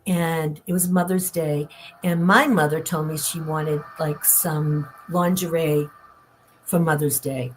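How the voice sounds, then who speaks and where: An older woman speaks as an interview guest, her voice sitting a little low. She tells her story candidly and with life, acting out what others said to her. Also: slow, slight background noise. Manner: candid, lively storytelling with acted-out quotes.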